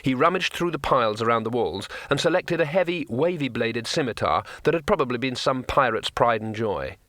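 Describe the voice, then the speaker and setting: A man narrating an audiobook in a steady storytelling manner. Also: medium pitch, a little fast, no echo, clean studio sound. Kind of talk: scripted narration.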